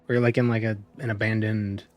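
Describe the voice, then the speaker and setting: A man's voice: lowish voice, flat delivery, fast, a little mellow, soft background music. Rambling man streaming a game. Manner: rambling, amused, thinks aloud. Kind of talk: casual gameplay commentary.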